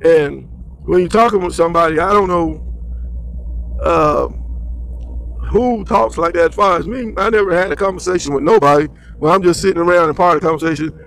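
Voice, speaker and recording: A man's voice: high voice, brisk, pauses often, fairly bright tone. A man giving slangy, rambling solo commentary on the news.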